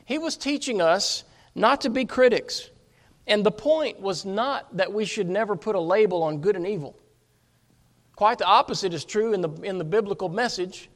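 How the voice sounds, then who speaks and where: A man preaching a sermon as pastor, emphatic, often asking his congregation rhetorical questions. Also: high voice.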